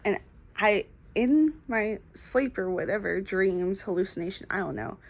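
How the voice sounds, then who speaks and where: A woman's voice: medium pitch, expressive, a little slow. A young woman vlogging from her apartment, telling a story casually, rambling and swearing freely. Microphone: camera in front of her.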